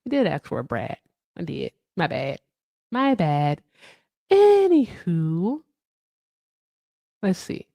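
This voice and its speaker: A woman hosting a casual livestream, chatting to viewers in the comments with lively, profane talk. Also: mid-range voice, no echo. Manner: animated, swears freely, talks to viewers in chat. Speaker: livestream host.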